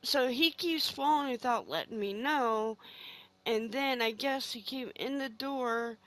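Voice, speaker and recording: Streaming a game from her home game room, a middle-aged woman tells a long story in a heated, profane, rambling way. Her voice is fairly high and fairly bright, and the audio is poor.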